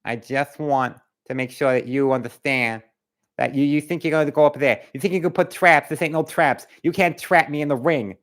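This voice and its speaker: A man's voice: a little high, normal speed, a bit bright. A man doing a menacing trash-talking boxer. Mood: taunting. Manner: taunting, threatening trash talk.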